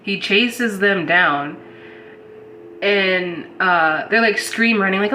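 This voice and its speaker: A woman's voice: medium pitch, slow pace, a little hiss or hum, low-quality recording. A woman casually retelling a strange dream to her audience, rambling and saying "like" constantly. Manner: rambling, heavy use of "like", animated retelling. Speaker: host recounting a dream. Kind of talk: casual storytelling to a live audience.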